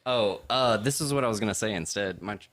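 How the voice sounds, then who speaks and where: A man's voice: fairly low pitch, brisk, fairly bright tone. A man from Kentucky, a podcast guest, telling a rambling story in casual chat and swearing freely.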